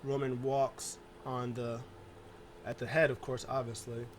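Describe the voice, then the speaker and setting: Male recap host, mid-pitched, chatty and rambling, slips into voices for quotes, light background hiss. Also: little pitch movement, a little slow. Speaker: wrestling show recap host. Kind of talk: casual recap talk.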